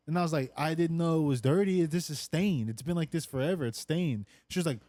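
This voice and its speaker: Young male co-host, quick rambling anecdotes, slightly high voice, dry close mic. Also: a little mellow, no echo. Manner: rambling storytelling, heavy swearing, frequent "like". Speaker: podcast co-host. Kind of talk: casual chat.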